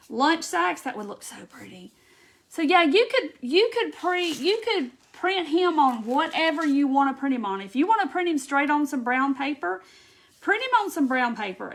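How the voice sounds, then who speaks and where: A woman's voice: high-pitched, fairly bright tone. A woman hosting a live craft tutorial, chatting and greeting viewers by name as she reads their comments and works.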